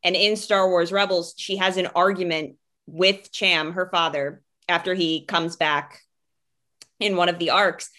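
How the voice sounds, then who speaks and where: A woman's voice: on the low side, fairly even intonation, unhurried, sharp tone. A young woman co-hosting a casual chat, giggly and gushing as she reads out viewer comments. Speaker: podcast co-host.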